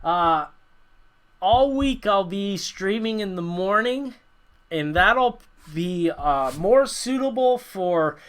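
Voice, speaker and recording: This North American livestream host is animated yet slow, with a high, clean, slightly bright voice. During his casual Q&A he rambles with many fillers and chuckles frequently.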